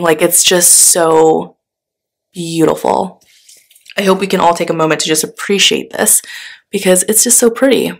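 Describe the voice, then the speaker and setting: A woman vlogger chatting casually while showing stickers, gushing and enthusiastic, with frequent fillers and soft laughs. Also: lowish voice, normal speed. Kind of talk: casual chatty show-and-tell.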